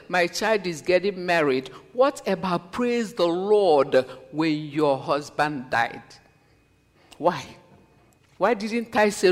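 A woman giving a personal testimony as a sermon, telling her story earnestly and then preaching with slow, stressed scripture quotes. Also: on the low side, expressive. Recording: long reverb of a large hall.

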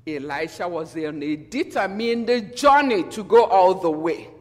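A man preaching a sermon in a church, animated and acting out quotes in different voices, often asking the congregation questions. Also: high voice, measured pace. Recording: long hall reverb.

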